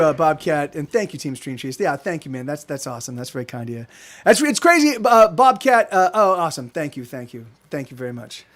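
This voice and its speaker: A man's voice: on the high side, fairly bright tone. A man chatting casually on a livestream, rambling with many restarts and frequent swearing, from his small apartment. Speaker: streamer.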